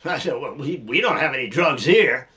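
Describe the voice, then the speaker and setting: A man's voice: mid-range voice, expressive, moderate pace, pushed and bright. A man hosting a music lesson, telling folksy jokes in a chuckling, rambling way, full of "you know"s and laughing at his own punchlines. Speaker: music teacher and host.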